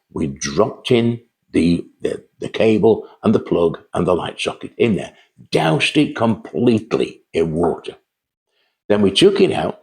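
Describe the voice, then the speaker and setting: An older man telling rambling, chatty anecdotes about his early sales days. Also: low voice. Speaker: host telling sales stories. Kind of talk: casual storytelling monologue.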